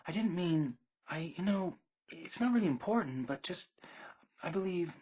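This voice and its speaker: A man reading an audiobook, voicing an earnest, thoughtful teenage girl with a soft, gently lecturing manner. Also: mid-range voice, brisk, slightly rough, voice pushed up. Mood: flustered. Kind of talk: audiobook character voice.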